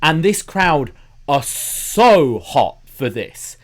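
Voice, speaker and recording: A man co-hosting a casual wrestling podcast, measured as he recaps dates and venues. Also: fairly high pitch, sing-song. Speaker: podcast co-host.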